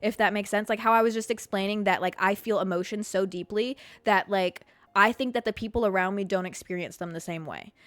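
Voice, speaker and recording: A young adult woman hosting a podcast alone, talking candidly about herself, swearing freely and laughing often, her voice jumping high when she reacts. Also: brisk, hardly any pauses, no echo. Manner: animated, jumps to high pitch when reacting. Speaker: podcast host. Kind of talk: casual solo podcast chat.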